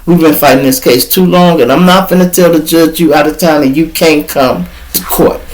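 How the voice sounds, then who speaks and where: Animated profane storyteller man. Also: a little high, normal speed, a little hiss or hum, low-quality recording. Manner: animated, profane, acts out quoted voices. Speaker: show host. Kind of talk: storytelling monologue.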